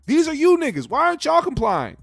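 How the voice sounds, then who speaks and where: A man doing a haughty, high-pitched big shot. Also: wildly swooping pitch, brisk, creaky, no room sound, studio quality, faint music behind, full character voice. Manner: haughty, boasting of status. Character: pompous, self-important entitled citizen.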